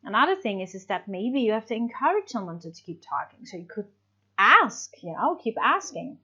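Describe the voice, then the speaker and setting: A woman's voice: medium pitch, big pitch swings, a little fast, pushed and bright, slightly rough, highs cut off. A woman teacher talking through a recorded online English lesson in a chatty, explaining way, full of little fillers.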